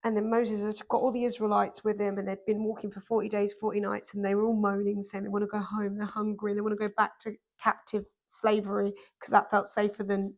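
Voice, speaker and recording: A woman, a podcast guest telling a personal story in an animated, emphatic way. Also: mid-range voice, fairly quick, hardly any pauses. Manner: animated, emphatic, acts out quoted voices. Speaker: podcast guest, dancer and author.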